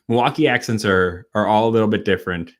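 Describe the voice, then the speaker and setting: A man from Wisconsin hosting a casual late-night livestream, a bit tipsy, rambling and halting as he talks. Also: fairly low pitch. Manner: rambling, halting, with many fillers and restarts. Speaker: host.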